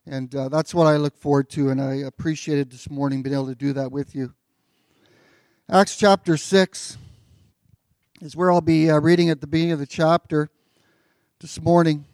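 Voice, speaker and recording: Here a pastor walks through scripture in a loose, talkative sermon, full of filler and humorous side comments. His voice sits high, and the audio is studio quality with no echo.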